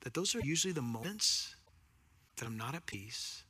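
A man preaching a sermon, animated and earnest, acting out scenes and slowing down for scripture. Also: mid-range voice, husky.

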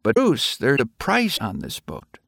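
A man voicing a patient father who questions his son gently in a story. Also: medium pitch, huge pitch swings, unhurried, creaky, dry recording, clean studio sound, heavily acted. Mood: calm. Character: calm adult father, patient.

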